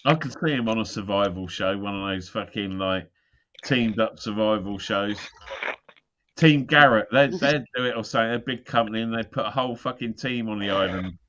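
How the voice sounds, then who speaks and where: A man's voice: lowish voice, moderate pace, fairly bright tone, highs cut off, slight background noise. A man hosting a casual chat, rambling and swearing heavily. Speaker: host.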